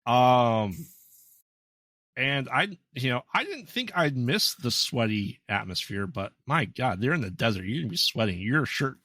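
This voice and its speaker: A man's voice: medium pitch, sing-song, unhurried, pushed and bright, no room sound. A man co-hosting a podcast, giving laid-back, hesitant opinions on a film. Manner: laid-back, hesitant with ums and restarts, dry asides. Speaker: podcast co-host. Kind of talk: casual movie review chat.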